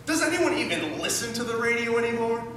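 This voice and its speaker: A woman's voice: fairly high pitch, quick pace. A teenage girl co-presenting a comedy sketch with dry, teasing lines. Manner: dry, teasing, lively delivery. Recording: echoey room from far off, noise behind.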